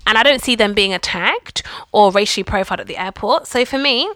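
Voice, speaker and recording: A young woman hosts a podcast, spinning a story in easy, chatty fashion and slipping into the voices of the people she quotes. Her voice is bright and forceful, and the sound is dry and close. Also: mid-range voice, brisk, no echo. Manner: animated, acts out quoted people. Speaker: podcast host. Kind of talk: casual storytelling chat.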